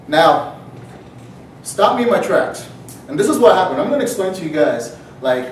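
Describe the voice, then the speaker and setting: Animated man telling a comic story. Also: fairly high pitch, a little hiss or hum. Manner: animated, deadpan-earnest mock outrage. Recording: roomy, distant mic, faint ambience.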